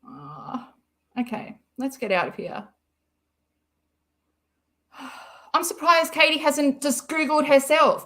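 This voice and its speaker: A woman's voice: high voice, sing-song, slow, long pauses, a bit bright. A woman hosting a casual live stream, rambling and sarcastically mocking as she comments.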